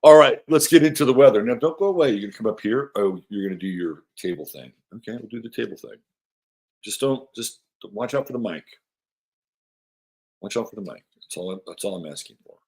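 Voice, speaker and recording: A man's voice: on the low side, very animated, brisk. Rambling, chatty man hosting an astrology show. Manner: rambling, chatty, repeats himself; coos softly to his dog. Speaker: astrology podcast host. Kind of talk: casual astrology talk.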